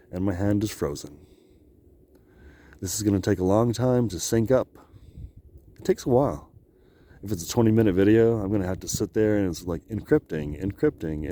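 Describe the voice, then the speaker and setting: A man rambling to his camera outdoors on a cold high lookout, laughing often and talking to himself. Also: mellow, a little hiss or hum. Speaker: vlogger. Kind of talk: casual rambling vlog.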